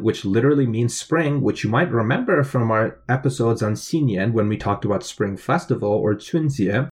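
A man's voice: on the low side, a little mellow. A man co-hosting a language lesson, spelling out each word and explaining its meaning step by step. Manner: clear, methodical explanation. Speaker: language teacher co-host.

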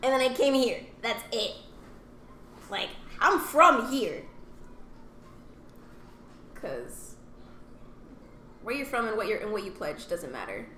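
Her voice on the high side, a young podcast co-host tells stories slowly, leaving long pauses. She plays out other voices with energy and drops into whispered asides, the recording echoey with faint noise behind her.

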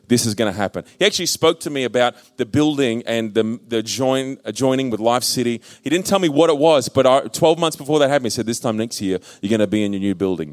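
A man's voice: mid-range voice, quick pace, hardly any pauses, no echo. Male pastor, mid-range voice, chatty storytelling sermon, dry close recording. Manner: conversational storytelling, acts out his own past panic.

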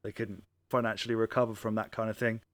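A man's voice: fairly low pitch, level tone, quick pace, a bit bright, dry recording. A man co-hosting a casual podcast, chatty and self-mocking, with some swearing. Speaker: podcast co-host. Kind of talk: casual chat.

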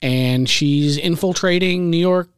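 A man's voice: fairly high pitch, unhurried, smooth, no echo. A man co-hosting a podcast in casual chat, with dry, wry humor as he walks through a story. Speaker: podcast co-host.

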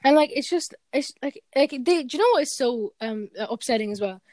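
A woman with a very high voice chatting on a podcast. She is blunt and swears freely, with a steady stream of fillers. Her voice sounds dry and close. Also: brisk, no echo. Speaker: podcast co-host. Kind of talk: casual chat.

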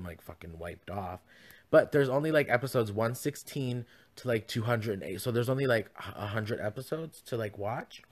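A young man chats on his home podcast in a campy, gossipy way, wandering off into tangent after tangent. His voice sits at an ordinary middle pitch and he keeps it loose and conversational. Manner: chatty, campy, rambling asides. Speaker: podcast host. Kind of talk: casual chat. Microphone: podcast mic.

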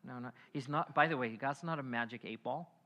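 A man preaching a sermon as a pastor, animated and acting out biblical figures, swinging from hushed to loud. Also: mid-range voice, brisk, lo-fi sound.

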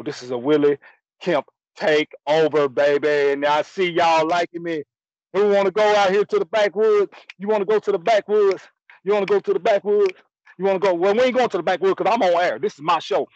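A man's voice: fairly high pitch, no echo, dull audio, natural voice. A man doing a brash backwoods braggart. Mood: boastful. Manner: brash, rambling, hollering. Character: loud boastful backwoods country man, grown. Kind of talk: comedy character monologue.

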